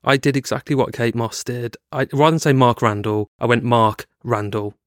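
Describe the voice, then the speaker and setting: A man's voice: mid-range voice, brisk, no room sound, clean studio sound. A man co-hosting a podcast, chatting casually and swearing now and then, then reading scripted narration. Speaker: podcast co-host. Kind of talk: casual chat and read narration.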